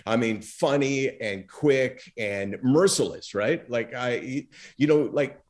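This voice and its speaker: A middle-aged man, a former talk show host, telling stories as a podcast guest and acting out the dialogue he quotes. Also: slow. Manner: animated storyteller, acts out quoted dialogue with big pitch swings. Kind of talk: storytelling interview talk.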